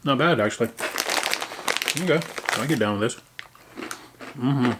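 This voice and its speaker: A man's voice: medium pitch, measured pace, very noisy. A man casually chatting through a snack taste-test vlog, playful and muttering while he chews. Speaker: vlogger. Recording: crinkling snack bags close by.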